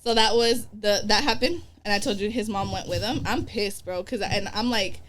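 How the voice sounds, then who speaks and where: A young woman guest on a podcast, telling a story in casual chat, animated and profane, acting out what others said. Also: mid-range voice, fairly quick, slight background noise. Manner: animated, profane, acts out quoted dialogue.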